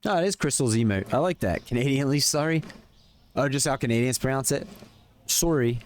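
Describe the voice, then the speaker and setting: A man's voice: medium pitch, animated, quick pace. A man live-streaming a game, chatting casually with viewers and calling out in-game orders between questions to chat. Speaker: livestreamer.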